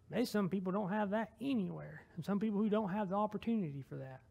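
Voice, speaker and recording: A man's voice: high-pitched, fast, vocal fry, few pauses, darkish tone. A young man with a Southern US accent giving an informal church sermon and closing prayer, folksy and rambling, self-deprecating, with frequent restarts. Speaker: lay preacher.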